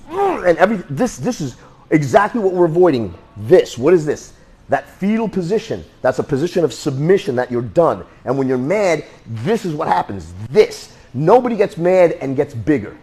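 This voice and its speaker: A man teaching a self-defense class in a blunt, joking, animated way. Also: on the high side, vocal fry, slightly rough. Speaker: martial arts instructor.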